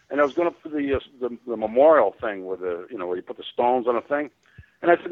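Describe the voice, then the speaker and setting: A man's voice: mid-range voice, expressive, fast, dry recording, phone-quality sound. An American man calling in to a radio talk show, rambling with many restarts and fillers. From United States. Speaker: caller. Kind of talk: call-in radio rant.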